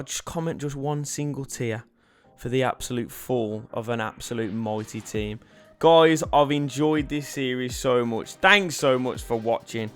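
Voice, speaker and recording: A young man commentating on his football video game, muttering one moment and yelling the next. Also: mid-range voice. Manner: swings from hushed muttering to yelling celebrations. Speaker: gaming YouTuber. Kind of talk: excited gameplay commentary.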